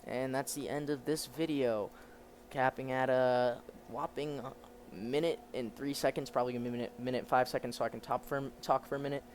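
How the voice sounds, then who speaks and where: A young man chatting casually as a manga reader, rambling and trailing off softly. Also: medium pitch, steady tone, moderate pace, slight background noise. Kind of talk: casual chat.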